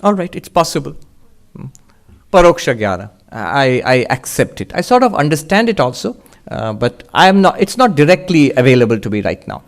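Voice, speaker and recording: Higher-voiced man giving a spiritual lecture. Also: a little fast, gravelly. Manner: explains step by step, voicing the listener's doubts; lively, with rhetorical questions and chuckles. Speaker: monk and Vedanta teacher.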